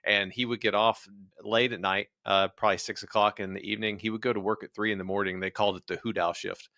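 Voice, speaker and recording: A man from rural West Virginia hosts an interview with a lowish voice that has a forceful, bright edge. The sound is dry and close. He talks plainly and leans on personal stories. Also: little pitch movement, fast, no room sound. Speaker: podcast host. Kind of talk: casual interview talk.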